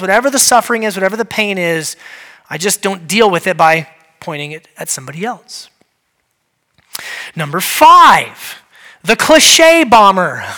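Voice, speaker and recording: Male pastor, high bright voice, chatty sermon delivery with playful acted-out quotes. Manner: humorous, acts out quoted voices; conversational with many fillers. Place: church service.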